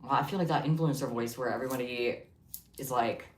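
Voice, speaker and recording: A woman's voice: rumbling low, brisk. A woman hosting a casual livestream, rambling and joking in a scattered way as she reads chat. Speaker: livestream host. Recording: echoey room, distant mic, faint noise.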